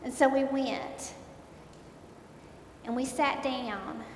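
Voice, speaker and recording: A woman gives an emotional, earnest faith testimony, retelling events and repeating words, her voice rising in dismay. She speaks extremely slowly in a steady tone, recorded in an echoey hall with a faint rumble.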